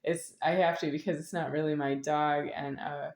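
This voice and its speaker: A woman's voice: sits low, fairly even intonation, moderate pace, darkish tone. A middle-aged woman talking in a meandering, repetitive monologue. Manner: meandering, repetitive, with sudden laughs. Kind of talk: rambling spoken monologue. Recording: echoey room.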